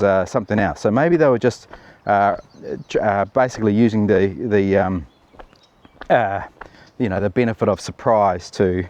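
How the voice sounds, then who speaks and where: A man's voice: lowish voice, a little mellow, muffled recording. Blunt, rambling New man. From New Zealand. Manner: rambling, blunt and cheeky with many fillers. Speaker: political commentary host. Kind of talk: casual opinion commentary.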